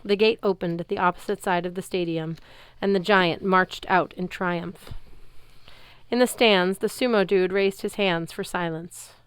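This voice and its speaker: A woman reads a novel aloud and tells it with expression in the first person. Her voice sits a little low and sounds smooth and clear. The recording is close and dry. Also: fairly even intonation, a little slow, no room sound. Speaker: reader.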